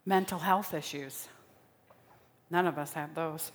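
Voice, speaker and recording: A woman's voice: sits low, fairly even intonation, a little slow. Woman preaching dramatically in a reverberant hall. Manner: dramatic, emphatic repetition. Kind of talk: sermon. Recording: long reverb of a large hall.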